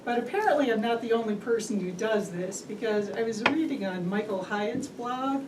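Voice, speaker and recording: A woman's voice: on the high side, normal speed. Female speaker with a light, self-deprecating manner, recorded from afar in a reverberant room. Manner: friendly, self-mocking, laughing lightly. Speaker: club speaker. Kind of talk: prepared persuasive speech. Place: meeting room. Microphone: room mic from a distance. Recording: echoey room, distant mic, background noise.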